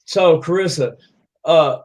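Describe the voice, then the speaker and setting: Insistent lecturing man, higher voice. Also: slow, over a noisy crowd, rough recording. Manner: lecturing, insistent, repeats himself. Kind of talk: heated livestream argument.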